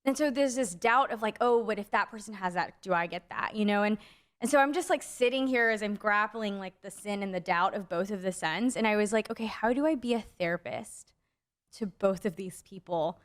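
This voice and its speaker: A woman's voice: medium pitch, fairly quick. A young adult woman co-hosting a faith podcast, telling a story in a rambling casual way, full of "like" fillers. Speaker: podcast co-host.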